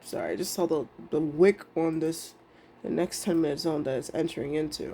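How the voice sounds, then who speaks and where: A woman's voice: sits low, brisk, warm tone, a little hiss or hum. A young woman vlogging about her trading day, emotional and rambling, swearing casually as she talks. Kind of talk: candid emotional vlog monologue.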